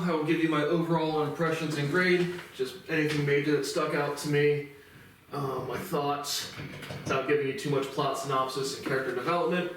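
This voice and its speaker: A man's voice: medium pitch, fairly bright tone, a little hiss or hum. A man giving a casual spoken television review, rambling with many restarts and fillers and some swearing. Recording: echoey room, mic at a distance.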